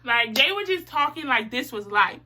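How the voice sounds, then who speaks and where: A young woman, hosting and telling a story in casual, animated chat, acting out quotes with laughter. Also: on the high side, normal speed, a crowd in the background. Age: 20s. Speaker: vlog host telling a story.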